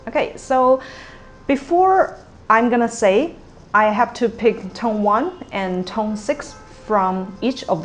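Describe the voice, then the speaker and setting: A woman teaching a language lesson at a slow, deliberate pace, often checking in with "okay" and "all right". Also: on the high side. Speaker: Cantonese teacher.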